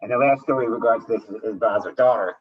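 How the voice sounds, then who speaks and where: A man's voice: on the low side, fast talker. A man presenting at a seminar, telling personal stories in a conversational way, full of restarts and "you know". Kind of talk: casual anecdotal storytelling. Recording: distant, dull lo-fi recording.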